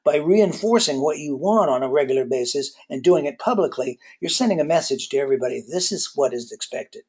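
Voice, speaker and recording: A man giving a relaxed webinar talk on workplace accountability, telling folksy personal stories with many pauses and filler words. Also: a little high, slightly rough. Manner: folksy storyteller.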